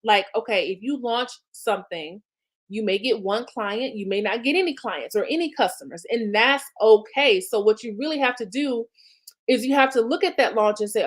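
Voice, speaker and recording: A woman's voice: fairly high pitch, normal speed. A woman business coach, talking viewers through planning in a chatty, encouraging way. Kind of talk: live-streamed coaching talk.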